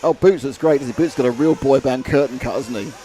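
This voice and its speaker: A man's voice: medium pitch, quick pace, mellow, a little hiss or hum. A man doing live race commentary, chatty and jokey, reading out viewer comments.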